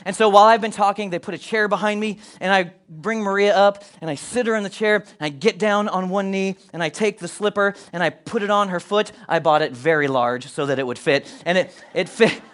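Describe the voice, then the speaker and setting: A man in his forties, from Colorado, telling a personal story to an audience with animated, self-deprecating humor and joking asides. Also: sits high, brisk, few pauses. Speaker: speaker addressing an audience.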